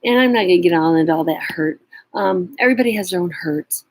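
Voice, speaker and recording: A woman's voice: on the low side, fast talker, no echo, rough recording. A middle-aged woman vlogger telling a personal story, earnest and emotional, sometimes dropping to near whispers.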